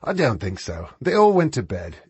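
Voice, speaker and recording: A man voicing a calm, reassuring producer who speaks comfortingly. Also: medium pitch, normal speed, husky, highs cut off, voice pushed up, heavily acted.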